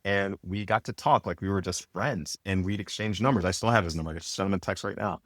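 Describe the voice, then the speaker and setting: A middle-aged man with a very low voice tells his career story as a podcast guest. He talks loosely and casually, trailing into fillers and restarting his sentences. The sound is dry, with no room around it. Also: quick pace, no echo. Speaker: podcast guest, apparel company founder.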